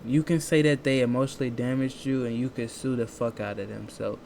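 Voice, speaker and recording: A man's voice: medium pitch, fairly even intonation, a little fast, gravelly, a little mellow, slight background noise. Slangy man rambling through reaction commentary. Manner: loose, slangy, rambling talk with many restarts. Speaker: reaction video host.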